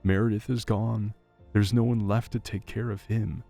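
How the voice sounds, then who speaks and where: A man doing a hoarse, sickly young mother. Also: lowish voice, little pitch movement, normal speed, dark tone, faint music behind, pitched above the performer's own voice. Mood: despairing. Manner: tearful, despairing.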